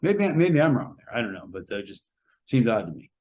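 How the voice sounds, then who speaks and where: A man's voice: mid-range voice, big pitch swings, a little fast, darkish tone, slight background noise. Hesitant man rambling through a film review. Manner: rambling, hesitant, many ums and uhs. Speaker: podcast co-host reviewing a film. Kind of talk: casual spoken film review.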